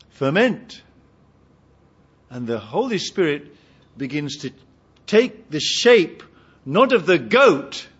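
A man's voice: fairly high pitch, breathy edge. A man preaching a sermon with humour, asking his congregation questions, on a dull lo-fi recording. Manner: humorous, asks the congregation questions.

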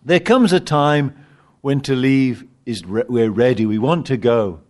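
An older man preaching a sermon, swinging from loud emphatic lines to quiet asides. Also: medium pitch, unhurried. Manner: animated preaching, rising loud on key words, dropping to quiet asides.

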